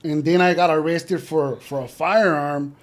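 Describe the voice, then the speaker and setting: A middle-aged man tells stories as a podcast guest in a casual interview, his voice on the high side, steady and unhurried. He's loose and relaxed, peppering his talk with slang and plenty of "you know" fillers.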